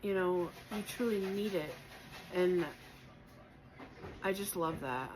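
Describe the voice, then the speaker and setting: A woman tarot reader with a slightly low voice, talking gently and encouragingly through a spiritual collective reading. She pauses often, circles back with fillers and lets emotion show. A faint hiss sits under the voice. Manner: emotional at times.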